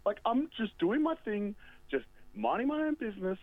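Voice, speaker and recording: A man putting on a lonely, self-pitying talking bridge, fairly high and swinging wildly up and down as it rambles near tears. The voice comes through a thin, tinny phone line with no room sound. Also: animated, moderate pace, dry recording. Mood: wounded.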